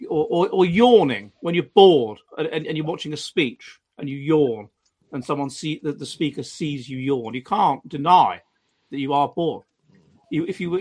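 A man's voice: a little high, a little mellow, husky. A man hosting a panel discussion, emphatic and full of restarts. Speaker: host.

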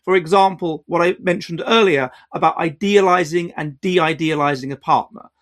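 A man hosting an educational video, explaining in a measured, lecturing way with restarts and quiet asides. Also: on the high side. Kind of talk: explanatory talk to camera.

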